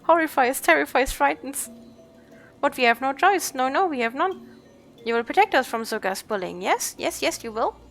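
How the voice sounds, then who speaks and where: A woman's voice: high-pitched, animated, normal speed, a bit bright, faint music behind. A woman voicing a timid, fretful male kobold in a game, who nervously repeats his own words in little lists. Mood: eager. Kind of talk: reading game dialogue aloud.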